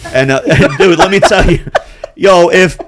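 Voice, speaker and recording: A man's voice: sits high, measured pace, background noise. A man hosting a podcast, telling crude stories in casual chat, swearing and laughing often. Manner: animated storyteller, swears a lot, laughs often. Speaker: podcast host.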